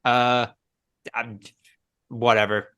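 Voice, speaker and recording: Speaking extremely slowly in a smooth, sharp, level-toned voice of medium pitch, this late-twenties podcast co-host from Wisconsin jokes around with friends in loose banter. He tends to ramble and restart frequently, recorded through a podcast mic.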